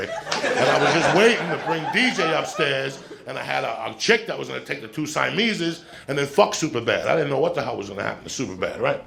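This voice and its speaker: Male stand-up comic, very gravelly voice, rambling and profane; live club recording with the crowd audibly laughing. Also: medium pitch, quick pace. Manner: profane, rambling, animated storyteller. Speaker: stand-up comedian. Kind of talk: stand-up storytelling. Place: comedy club stage. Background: audience laughter.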